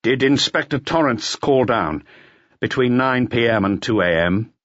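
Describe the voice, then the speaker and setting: A man reading an audiobook, voicing a weary middle-aged male police inspector who talks calmly and quietly. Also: medium pitch, a little slow, no echo, pitched above the performer's own voice. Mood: businesslike. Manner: calm, quiet, resigned. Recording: dull lo-fi audio.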